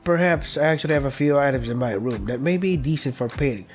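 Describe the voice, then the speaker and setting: A courteous young painter speaks in a stiff, literal-minded way, as a man reads him aloud in a visual novel playthrough. His voice sits at an ordinary middle pitch. Faint music plays underneath. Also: animated, fast, natural voice. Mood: polite.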